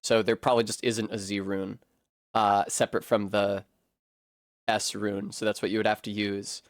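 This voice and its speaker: A man's voice: on the low side, level tone, normal speed, dry recording, studio quality. Rambling, profane male game streamer. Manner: rambling and profane, goes off on nerdy tangents. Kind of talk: casual gaming commentary.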